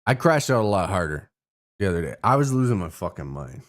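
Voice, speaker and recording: A man's voice: low-pitched, big pitch swings, fairly quick. Rambling, profane young man streamer. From Canada. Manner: profane, rambling, many fillers and restarts. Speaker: streamer host. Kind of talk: casual rant to stream viewers.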